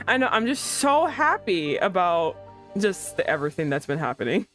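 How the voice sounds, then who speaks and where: A young woman hosting a casual livestream chat, excitable, swearing and breaking into laughing outbursts. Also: fairly low pitch, normal speed, soft background music. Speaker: streamer host.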